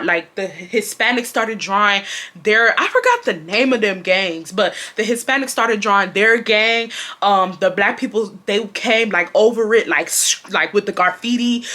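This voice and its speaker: A young adult woman recounting a school story to her audience. She is lively and slangy and keeps talking to her viewers. Her voice is bright and sharp at a middle pitch. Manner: animated, slangy, addresses viewers directly. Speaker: storytime vlogger. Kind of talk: casual storytime vlog.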